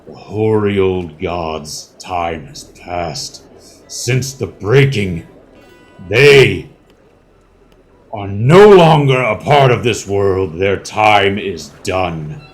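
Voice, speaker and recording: A cold, commanding devil of contracts, put on by a man running a tabletop game. He drops into a deep, slow register and lays down each word as a menacing verdict. The tone stays calm and unhurried. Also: faint music behind, full character voice.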